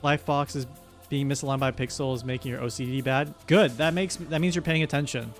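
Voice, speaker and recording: A man's voice: medium pitch, fairly even intonation, fast talker, soft background music. A man hosting a live stream, joking and hyped as he talks straight to his chat. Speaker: livestream host.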